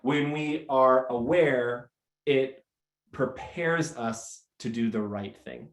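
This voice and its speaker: An American man hosting a motivational live talk, energetic and animated, acting out little scenes as he speaks. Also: medium pitch, slow, reverberant. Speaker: host.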